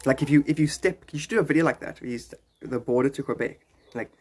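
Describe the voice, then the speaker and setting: This livestreamer chats casually with his viewers, rambling, joking and chuckling often. His voice is husky and medium-pitched, and he talks fast.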